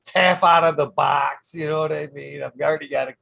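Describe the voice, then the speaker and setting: A man's voice: a little high, steady tone, a little fast, gravelly, fairly bright tone, dry recording, low-quality recording. A man hosting his own channel, telling a rambling, swear-heavy story in casual vlog style. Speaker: channel host.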